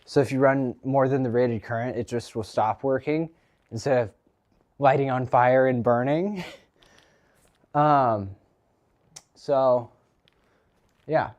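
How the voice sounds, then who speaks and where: Teen male streamer, mid pitch, loose rambling chat full of fillers. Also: fairly even intonation, slow pace, pauses often, a little mellow. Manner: rambling, lots of ums and restarts. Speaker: livestreamer. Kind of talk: casual live stream chat. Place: home garage.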